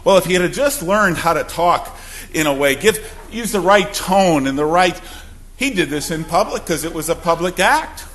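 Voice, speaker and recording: A man's voice: high-pitched, expressive, moderate pace, a bit bright. A man preaching a sermon as a pastor, emphatic and full of rhetorical questions.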